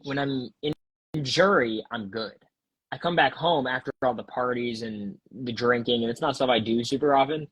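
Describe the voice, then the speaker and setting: A man's voice: medium pitch, moderate pace, a bit bright, slightly rough, no room sound, low-quality recording. A man chatting as a guest over a phone video call, laid-back and rambling, worn out after partying and recovering from a cough. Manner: laid-back, rambling, lots of fillers and laughs. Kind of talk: casual chat.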